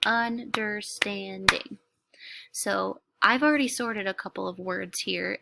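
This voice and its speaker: A woman teacher giving a clear, step-by-step lesson to young students, sounding out words slowly. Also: medium pitch, sharp tone, no echo. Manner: slow, clear, instructive, stretches words to clap syllables. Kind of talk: classroom lesson explanation. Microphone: recorded lesson video.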